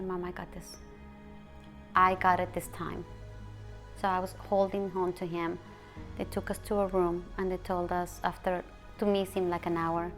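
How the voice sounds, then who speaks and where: A woman from Mexico City with a lowish voice is emotional during a personal interview. She tells her story haltingly and keeps restarting.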